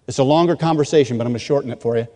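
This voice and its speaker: A middle-aged man from rural Michigan, a pastor telling his testimony in an animated way and acting out the voices of the people in it. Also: medium pitch, very fast. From rural Michigan, USA. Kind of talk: testimony sermon. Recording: long reverb of a large hall.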